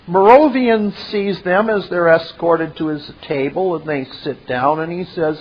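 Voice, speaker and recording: A man walks through a film scene at an unhurried, deliberate pace, breaking off for his own asides. His voice sits high for a man, and the recording is muffled and lo-fi. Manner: retelling step by step, with asides. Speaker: film commentator.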